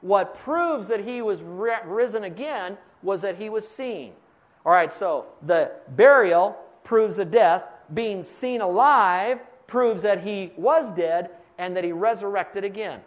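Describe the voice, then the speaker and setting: A man's voice: high-pitched, slow. A man teaching a Bible sermon to a live audience, asking them to fill in words. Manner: asks the audience to fill in blanks. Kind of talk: radio sermon.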